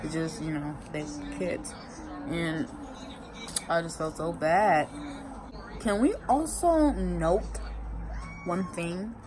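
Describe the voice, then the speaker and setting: A woman's voice: lowish voice, takes it slowly, long pauses, background noise. A woman talking casually in a vlog recap, emotional and rambling, often repeating herself. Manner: colloquial, expressive. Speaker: vlogger recapping a TV season.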